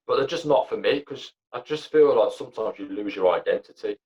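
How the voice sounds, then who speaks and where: A man's voice: on the low side, animated, a little fast, a little mellow. A young man, a podcast guest chatting casually, blunt and sweary, rambling with lots of fillers. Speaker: podcast guest, comedy actor and writer. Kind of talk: casual chat. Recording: dull lo-fi sound.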